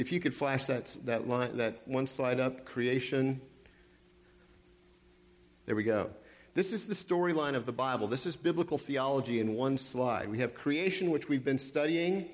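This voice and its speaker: A man delivers a sermon at an ordinary middle pitch, reading scripture and then working through it. He leans on repeated rhetorical questions and deliberate pauses for emphasis. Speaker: pastor.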